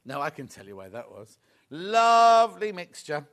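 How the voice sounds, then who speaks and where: A man's voice: lowish voice, fast talker, fairly bright tone. A man presenting a live home shopping show in a TV studio, chatting and gushing over the products.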